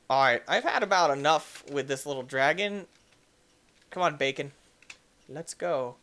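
A man hosting a let's-play, giving jokey, excitable commentary and yelling at the game. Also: medium pitch, unhurried. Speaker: gaming channel host.

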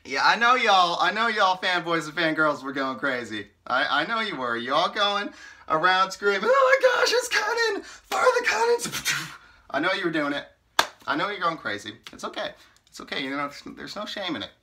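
A man's voice: fairly high pitch, lively intonation, brisk, pushed and bright, slight background noise. A man giving a casual spoken review in a chatty, rambling way, filling his talk with "like" and "you know" and sounding playfully exasperated. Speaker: book reviewer. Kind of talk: casual vlog commentary.

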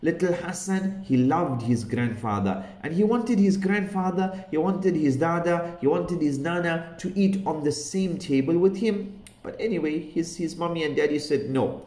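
A man gently telling a children's story, pausing to ask the listening child questions. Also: on the high side, lively intonation. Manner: gentle, asks the child questions, Islamic phrases. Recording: roomy echo.

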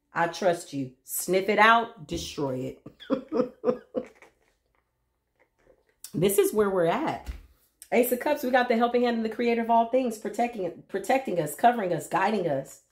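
A woman giving a tarot reading to her viewers, sassy and preachy, with sudden loud call-outs. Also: low voice. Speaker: tarot reader.

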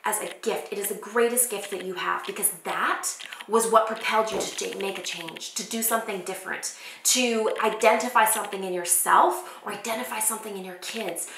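A homeschooling mom vlogger in her thirties gives heartfelt, encouraging advice straight to camera on a home set, earnestly acting out her inner thoughts. Her mid-range voice is fairly quick and a bit bright. The camera mic picks up an echoey room, faint focus clicks, and a little hiss or hum.

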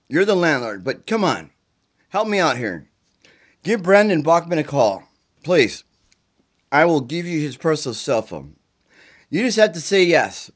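A sick, worn-out middle-aged man rants and pleads in a slightly high voice, swearing as he goes. He sounds agitated and run down with the flu. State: sick with the flu, congested and tired. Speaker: self-recording video poster. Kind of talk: rambling direct-to-camera plea. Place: indoors at his mother's home.

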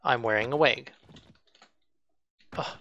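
A young man hosting a co-op game session, reacting excitably to the action and chatting casually. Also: medium pitch, slow pace, lo-fi sound. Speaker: gaming channel host. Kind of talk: casual gaming commentary.

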